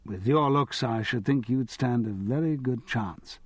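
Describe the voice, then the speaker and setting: A man's voice: medium pitch, a little slow, slightly rough, no room sound. A man voicing a wry, self-deprecating middle-aged actor in an audiobook. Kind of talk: audiobook character voice.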